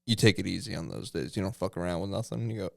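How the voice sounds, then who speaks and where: A man co-hosting a casual podcast, dropping deadpan wisecracks and spinning mock-formal tall tales. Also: sits low, fast, creaky, dry recording, studio quality. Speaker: podcast co-host. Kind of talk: casual chat.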